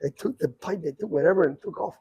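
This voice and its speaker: A man in his sixties telling rambling, animated stories from his youth in a casual podcast chat. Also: a little high, fast, breathy edge, lo-fi sound. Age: 60s. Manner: rambling, animated anecdotes with many asides. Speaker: podcast guest storyteller. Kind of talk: casual storytelling.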